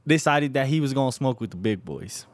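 A man telling a story in casual chat among friends, animated, swearing freely and acting out what others said. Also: mid-range voice, a little fast, no echo. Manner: animated storytelling, heavy swearing, acts out quotes. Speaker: podcast co-host telling a story.

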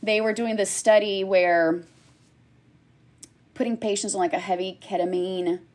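A woman in casual chat, telling a personal story with lively acted-out quotes. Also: mid-range voice, measured pace. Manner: animated storyteller, acts out quotes. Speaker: guest sharing her story.

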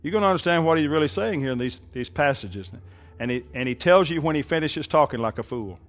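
A male preacher giving an animated sermon, sarcastic and full of pointed rhetorical questions. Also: a little high, fast.

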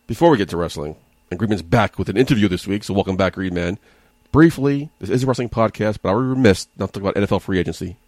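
A man's voice: fairly low pitch, racing, darkish tone, no room sound. A man co-hosting a podcast, chatting casually and teasing his co-host with jokes and swearing. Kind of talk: casual chat.

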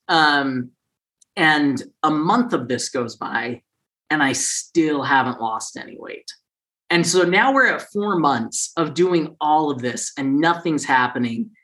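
A man's voice: fairly high pitch, sharp tone. A man in his forties telling a personal story in a casual way, acting out the people he quotes in raised, funny voices.

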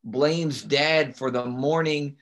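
A man's voice: medium pitch, slow pace, fairly bright tone. A man speaking as a guest on a podcast about teaching. He talks emphatically and keeps checking in with rhetorical questions. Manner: emphatic, often asks rhetorical "right?". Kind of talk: casual interview talk.

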